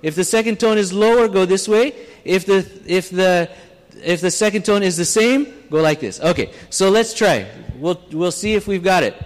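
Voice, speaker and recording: In a church hall with long reverb, a high-pitched man speaks at normal speed, preaching a sermon that includes an audience exercise. He talks to the live congregation plainly and conversationally, often restarting.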